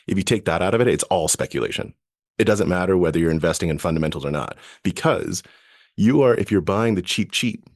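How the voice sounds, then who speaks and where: A man's voice: low voice, no echo, studio quality. A man co-hosting a podcast in casual chat, reasoning aloud with frequent restarts. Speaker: podcast co-host.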